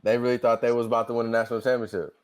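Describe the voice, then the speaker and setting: A man co-hosting a podcast in relaxed casual chat, asking follow-up questions. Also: medium pitch, very fast, smooth. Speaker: podcast co-host.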